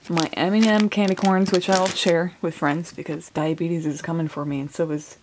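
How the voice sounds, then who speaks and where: A young woman, a college student, whispering softly through a casual unboxing vlog, giggling often and swearing offhandedly. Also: fairly low pitch, steady tone, moderate pace, few pauses, background noise. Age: young adult.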